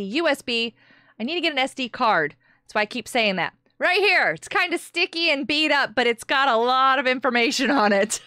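A woman's voice: high-pitched, sharp tone, no echo. A woman game streamer chatting casually on a live stream and greeting viewers by name. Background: faint background music.

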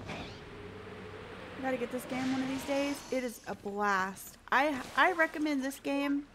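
A woman's voice: high-pitched, measured pace, noisy background. A woman live-streaming a game, chatting playfully with her viewers. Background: background music.

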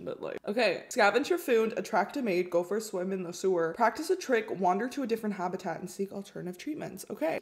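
A young adult woman giving casual, chatty commentary to her viewers as she plays a mobile game, reading its text aloud between quick, giggly asides. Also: fairly high pitch, fairly bright tone. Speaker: YouTuber playing a mobile life-sim game.

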